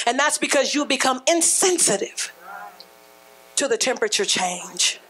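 High-voiced woman preaching emphatically. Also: expressive, moderate pace, rough recording. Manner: emphatic, rising to shouts, colloquial and conversational. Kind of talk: sermon.

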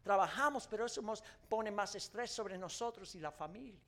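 A man's voice: high-pitched, animated, fast, fairly bright tone. A male pastor preaching a sermon, telling a story and repeating each point in a second language. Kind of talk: bilingual sermon.

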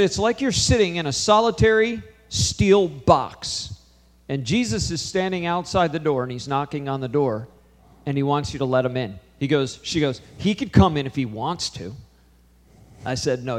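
Preaching man in a reverberant hall. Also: mid-range voice. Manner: storytelling, quoting conversations with shifting emphasis. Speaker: pastor. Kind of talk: sermon.

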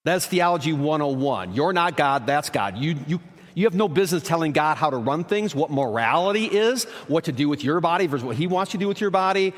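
A man preaching a sermon in a conversational way, asking rhetorical questions and dropping quiet for emphasis. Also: on the high side, expressive, a little fast. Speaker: pastor. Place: church. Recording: reverberant church hall.

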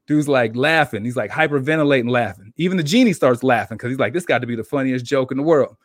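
A man's voice: medium pitch, fast talker, hardly any pauses, no echo, studio quality. A man co-hosting a podcast, telling a long joke story in casual chat and acting out the characters as he goes. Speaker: podcast co-host.

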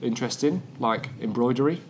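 A man's voice: medium pitch, brisk, slight background noise. A man from England co-hosting a podcast in casual chat, joking and trailing off mid-sentence. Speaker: podcast co-host.

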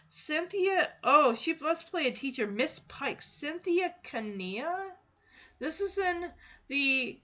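A woman hosting a podcast alone in casual chat, chatty and excitable, with frequent laughs. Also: fairly high pitch, highs cut off. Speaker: podcast host.

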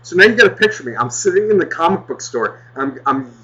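Brief: male podcast co-host, sharp bright voice, foul-mouthed exasperated storyteller, muffled lo-fi audio. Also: high voice, expressive, quick pace. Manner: profane, exasperated, heavy swearing. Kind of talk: casual storytelling rant.

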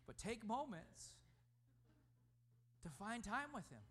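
A man preaching a sermon as pastor, emphatic, rising and falling in loudness. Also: high voice, big pitch swings, slow pace, slight background noise.

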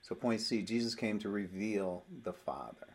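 A man's voice: on the low side, expressive, normal speed. A man teaching a Bible lesson, explaining verses step by step and reading scripture aloud with emphasis.

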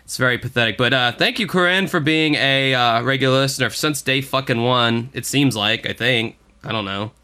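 A man's voice: medium pitch, normal speed, few pauses, bright, forceful tone, clear, resonant tone. A man co-hosting a podcast, chatting in a rambling, profane, self-deprecating way. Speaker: podcast co-host. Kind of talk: casual podcast chat.

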